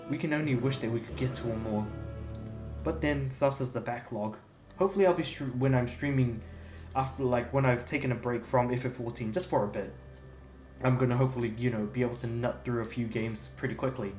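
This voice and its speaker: A man's voice: mid-range voice, steady tone, a little fast, darkish tone. A young man chatting casually while livestreaming a game, rambling with lots of fillers and restarts. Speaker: game streamer. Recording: echoey room, faint music behind.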